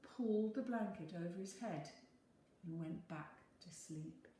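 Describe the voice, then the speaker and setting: A woman teacher reading a picture book aloud in a slow, expressive storytelling voice. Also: on the low side. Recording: very echoey room, faint hum.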